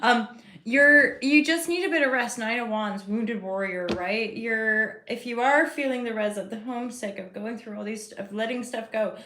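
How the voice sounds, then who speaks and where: A woman's voice: on the high side, normal speed, sharp tone. A woman giving a casual live tarot reading, rambling and chatty as she talks to her viewers. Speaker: tarot reader and host. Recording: roomy echo.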